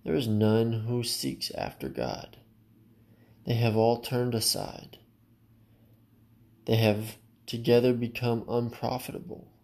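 A man's voice: mid-range voice, slow, creaky, long pauses, darkish tone. A man preaching a sermon in an earnest, direct way, often addressing listeners as his friend.

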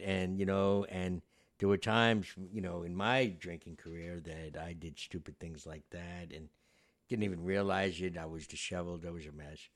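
A man hosting a podcast, telling a story in a meandering, reflective way with many fillers. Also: deep voice. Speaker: podcast host. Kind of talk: casual storytelling.

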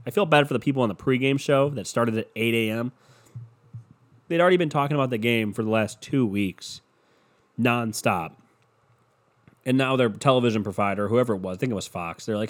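Medium-pitched and brisk, this young solo podcast host is sick and fed up, and his casual rant leaps between topics with heavy sarcasm and plenty of swearing.

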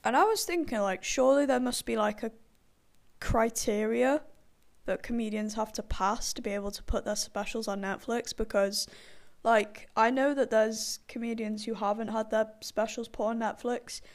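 A young woman talks in a loose, casual chat, her voice sitting a little high. She rambles, fills her sentences with fillers and breaks into laughter often. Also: steady tone, normal speed, vocal fry. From partially Irish background.

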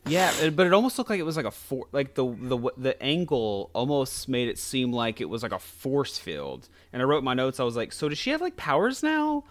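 A man co-hosting a casual podcast, reviewing a movie and acting out lines from it in high mock voices. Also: fairly quick, hardly any pauses. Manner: animated, jumps into high mock voices when quoting scenes. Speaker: podcast co-host.

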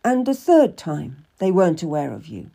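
A woman voicing a calm, firm noblewoman who gives measured, reassuring counsel in a storybook reading. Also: low-pitched, gravelly, full character voice. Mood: probing.

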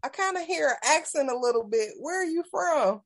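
A woman's voice: sits high, lively intonation, fairly quick. A woman co-hosting an interview show, asking short questions with brief encouraging prompts. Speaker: co-host. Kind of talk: interview host.

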